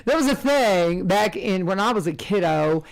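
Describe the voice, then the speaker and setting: A middle-aged woman chats on local radio, lively and talkative. Her voice has a gravelly, fry-tinged edge, sitting at a middle pitch. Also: moderate pace, a crowd in the background. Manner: chatty, animated, laughs often. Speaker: radio host. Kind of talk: casual radio chat.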